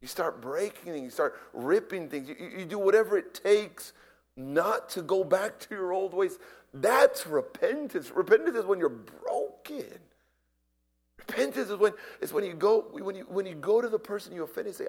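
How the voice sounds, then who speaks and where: Impassioned gravelly male preacher. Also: sits high, animated, normal speed. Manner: impassioned, swings from hushed whispers to shouting, repeats words. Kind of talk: sermon.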